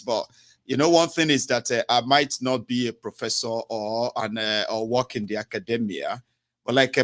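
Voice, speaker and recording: A man's voice: mid-range voice, a bit bright. A man, hosting a talk show in a loose, expansive monologue with frequent "eh" and "you know". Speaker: show host.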